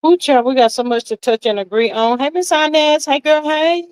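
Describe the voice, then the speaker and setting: A woman with a slightly high voice hosts a casual livestream, reacting to viewer comments in an emphatic, exasperated way. She sighs and drawls, calling everyone "child" and "y'all". The recording is dry and close, with no room echo. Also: fairly even intonation, normal speed.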